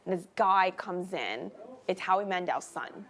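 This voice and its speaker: A young woman telling a story in casual chat, animated and full of "like", acting out the voices of people she quotes. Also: lowish voice, measured pace, a crowd in the background. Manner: animated, fills talk with "like", acts out quoted voices. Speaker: reality show contestant.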